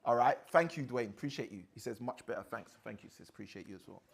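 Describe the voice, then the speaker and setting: A man's voice: medium pitch, animated, quick pace, vocal fry. A man, a father of six, leading an interactive teaching session and asking his audience questions. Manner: asks the audience questions often.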